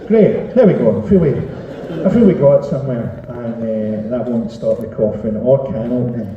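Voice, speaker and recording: A man's voice: medium pitch, normal speed, very echoey. Male comic, crowd work, caustic and sweary; dull distant live sound with noise. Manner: sweary, sardonic, teasing the crowd. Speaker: stand-up comedian. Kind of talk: stand-up set with crowd work. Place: live comedy venue on stage. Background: audience laughter and chatter.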